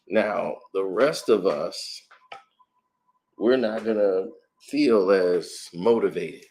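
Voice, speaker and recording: Deep-voiced man rambling about a trailer. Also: slow, slight background noise. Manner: rambling, speculative, conversational with many fillers. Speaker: movie trailer reviewer. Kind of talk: casual commentary.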